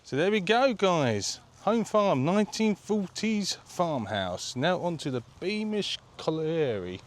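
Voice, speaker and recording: Excitable chatty man with a lively voice. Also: high voice, slow pace. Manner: chatty and excitable, keeps addressing viewers. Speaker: travel vlogger. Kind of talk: casual walking tour vlog. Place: visiting an open-air museum, indoors and outdoors.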